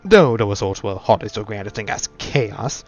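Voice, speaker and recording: A man voicing a cruel male villain commander who mocks in a theatrical, drawn-out way. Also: fairly low pitch, lively intonation, gravelly, muffled recording, soft background music, pitched below the performer's own voice. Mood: scornful. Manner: mocking, theatrical, drawn-out sneers.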